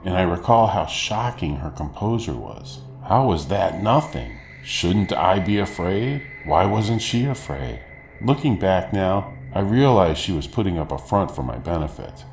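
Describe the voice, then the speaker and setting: A man with a very deep voice narrates a scary tale in a steady, wry way. The sound is echoey, as if in a bare room. A faint hiss runs underneath. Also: normal speed, vocal fry. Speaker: horror story narrator. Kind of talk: scripted narration.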